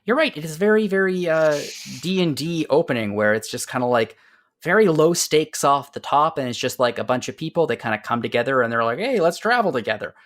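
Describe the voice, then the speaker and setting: A man's voice: a little high, brisk, a bit bright. A man hosting a podcast, recapping a game's story in casual chat and putting on playful voices for the characters. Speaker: podcast host. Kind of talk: casual game discussion.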